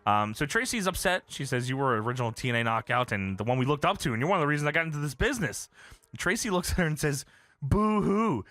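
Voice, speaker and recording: A man's voice: mid-range voice, animated, very fast, bright, forceful tone, dry recording. A man co-hosting a casual livestream, recapping wrestling storylines and laughing often. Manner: laughs often, recounts scenes with quoted voices. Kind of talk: casual profane chat.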